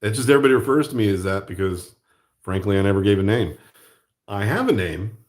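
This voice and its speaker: Quick and animated, a man with a lowish voice hosts his channel and chats while he draws. His talk is casual and rambling, full of jokes at his own expense.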